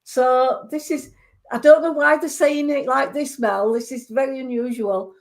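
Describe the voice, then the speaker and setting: A woman clairvoyant giving psychic readings on a radio show, earnest and reassuring, with hesitant pauses. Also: high voice, fairly even intonation.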